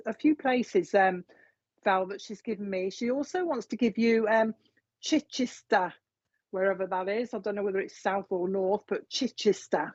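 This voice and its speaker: A woman's voice: medium pitch, darkish tone, no room sound. A woman giving a live mediumship reading in a chatty, repetitive way. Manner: chatty, repeats messages from spirit. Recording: dull, dry lo-fi sound.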